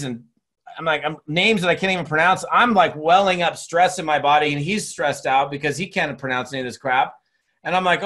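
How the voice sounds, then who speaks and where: A man in his fifties giving a motivational sales training talk, telling stories in an energetic, chatty way full of restarts. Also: on the high side. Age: 50s. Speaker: network marketing speaker and trainer. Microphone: webinar recording.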